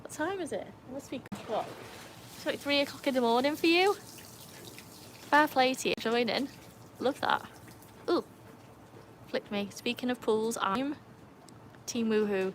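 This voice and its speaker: With a slightly high voice, a woman talks a little slowly and leaves long pauses while casually hosting a livestream and naming viewers as she greets them. She speaks mixed Birmingham and North Wales English and is at home, where there's a pool. The low-quality recording has slight background noise.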